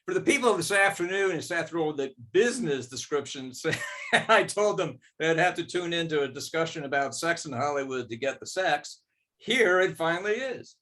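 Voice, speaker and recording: A man's voice: a little high, lively intonation, moderate pace, bright, forceful tone. A man, an author, reading a passage from his own novel aloud at an online book club event.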